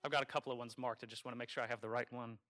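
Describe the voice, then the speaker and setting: A man preaching a homily in a conversational, wry way, teasing his listeners and slowing down to stress key phrases. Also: medium pitch, flat delivery, fairly bright tone. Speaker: Catholic priest. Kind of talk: sermon.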